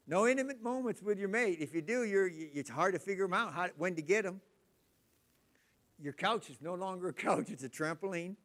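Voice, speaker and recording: In his sixties, this man has a noticeably high voice for a male and preaches loudly and with animation at a fairly quick pace. His sermon is full of homespun stories drawn from family life.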